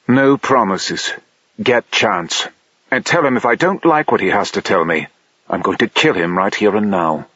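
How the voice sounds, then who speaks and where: A man's voice: on the low side, unhurried, a bit bright, husky, no echo. A male narrator voicing a grim, angry warrior with curt, threatening lines. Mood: grimly threatening. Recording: dull lo-fi dry audiobook recording.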